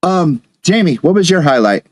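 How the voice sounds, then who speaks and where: A man's voice: on the high side, sing-song, normal speed. A man co-hosting a casual chat show, rambling through his stories with stumbling restarts. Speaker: co-host.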